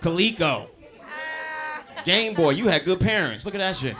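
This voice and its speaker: Man, stand-up comic, New York accent, bright high voice, audience laughing. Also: a little slow, long pauses. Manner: loud, animated crowd work with profanity. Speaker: stand-up comedian. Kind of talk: stand-up comedy set. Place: comedy club stage. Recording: live room with audience.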